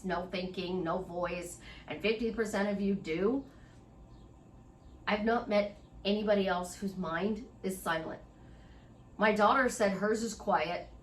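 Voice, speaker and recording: A woman's voice: mid-range voice, recorded from a distance, a little hiss or hum. A middle-aged woman life coach giving a chatty, rambling motivational monologue, speaking straight to the listener. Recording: echoey room, voice off-mic.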